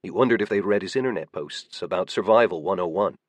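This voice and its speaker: A man giving steady, measured audiobook narration. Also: sits low, no echo.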